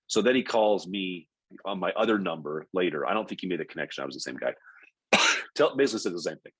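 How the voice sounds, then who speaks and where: Husky low-voiced man telling business stories. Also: lively intonation, a little fast, long pauses, fairly bright tone, dry recording. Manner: storytelling, acts out quoted callers. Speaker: speaker at a business session. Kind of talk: motivational business talk.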